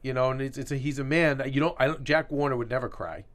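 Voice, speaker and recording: A man co-hosting a casual recap chat, animated and excitable, acting out what others said. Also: mid-range voice, quick pace. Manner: animated, excitable, acts out quotes. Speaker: podcast co-host.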